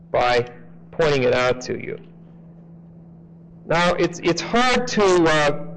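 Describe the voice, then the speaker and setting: Male preacher in a somewhat high register, teaching casually, with a faint hum behind him. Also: rough recording. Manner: conversational, checks in with "okay?", slows to stress key phrases. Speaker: Bible teacher. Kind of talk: expository sermon.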